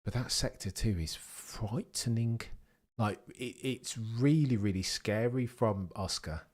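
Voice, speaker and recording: A man's voice: on the low side, a little mellow. A man hosting a live racing watchalong, rambling casually and talking straight to his chat with easy laughs. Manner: chatty, rambling, quick to laugh, talks to chat directly.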